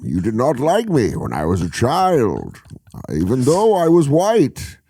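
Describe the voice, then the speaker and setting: Bane, a man doing a slow menacing masked villain. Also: medium pitch, huge pitch swings, mellow, slightly rough, dry recording, full character voice. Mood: mock menacing. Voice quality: slow, measured, ominous delivery. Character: menacing masked male villain, grand and theatrical.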